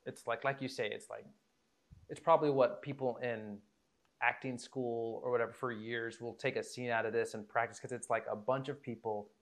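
A man co-hosting a casual movie podcast, relaxed and enthusiastic about film, swearing casually at times. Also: medium pitch, normal speed. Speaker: podcast co-host.

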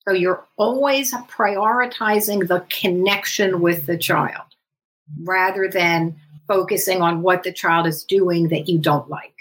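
Calm, instructive woman explaining as a guest. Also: fairly low pitch, unhurried. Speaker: guest psychologist. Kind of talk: podcast interview.

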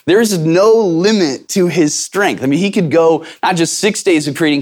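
Man preaching in a conversational way. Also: a little high. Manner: conversational, emphatic, with frequent fillers and restarts. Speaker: pastor. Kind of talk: sermon.

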